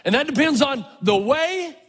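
A man voicing a solemn, booming older male preacher with a slow, grave delivery. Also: lively intonation, fairly bright tone. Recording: long reverb of a large hall.

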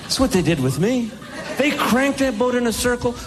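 A man performing a stand-up comedy routine, breaking into shouted high-pitched voices for his punchlines. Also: animated, moderate pace. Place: comedy venue with live audience. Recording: live crowd noise and hiss. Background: audience laughter.

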